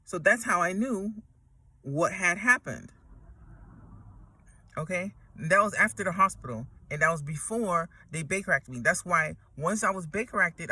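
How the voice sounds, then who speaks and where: Sitting in a parked truck, a woman vlogger rants emotionally at her camera, agitated, swearing heavily and repeating herself often. Her lowish voice is bright, forceful and husky, with no echo, though she sounds somewhat far from the mic.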